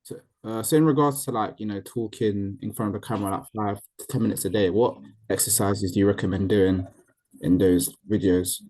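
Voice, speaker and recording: Hesitant low-voiced man on a call. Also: steady tone, a little fast, a little mellow. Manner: hesitant, filler-heavy. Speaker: call participant. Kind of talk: asking a question on a group call. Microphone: video call.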